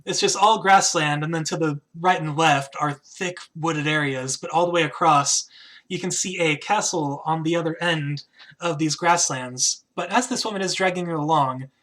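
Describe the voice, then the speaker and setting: A man's voice: a little high, normal speed, fairly bright tone. A man narrating as game master in a tabletop game, talking casually with frequent hesitations. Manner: casual, hesitant, lots of "kinda".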